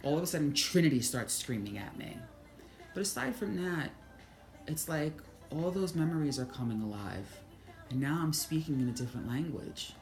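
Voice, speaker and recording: A woman with a strikingly low voice tells her own story straight to camera. She talks in an animated way, curses without a second thought and acts out her own inner thoughts. Soft music plays faintly behind her. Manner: animated, swears freely, quotes thoughts aloud. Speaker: vlogger. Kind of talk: personal storytelling monologue.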